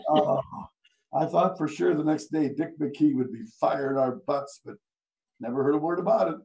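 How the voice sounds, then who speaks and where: This older broadcaster from Iowa has a creaky, higher-leaning voice and a moderate pace, chuckling as he tells his stories and laughing at his own punchlines. The highs are cut off in this clip.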